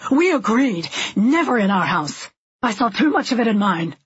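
A woman voicing a tall, stern middle-aged husband who talks in clipped, forceful bursts. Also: fairly low pitch, measured pace, husky, muffled recording. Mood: furious.

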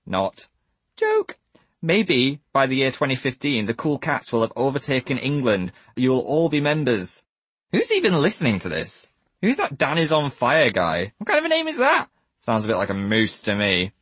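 A man's voice: mid-range voice, huge pitch swings, moderate pace, fairly bright tone, slightly rough, dry recording, full character voice. A man voicing a hyperactive twelve-year-old boy recording a message for the future, full of silly jokes. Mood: giddy. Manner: giddy, jumpy, silly jokes.

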